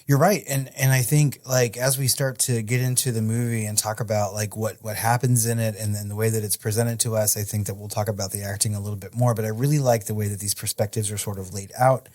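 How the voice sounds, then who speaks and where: A man co-hosts a horror film podcast in relaxed conversation. His voice sits a little low, and he keeps checking in with his partner with a quick "right?". He builds his points slowly, with repeated words. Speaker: podcast co-host. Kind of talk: casual chat.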